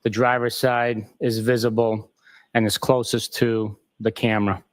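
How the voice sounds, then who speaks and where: A man's voice: lowish voice, little pitch movement, measured pace, dry recording. Male police sergeant giving testimony. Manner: brief, formal answers. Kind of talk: witness testimony.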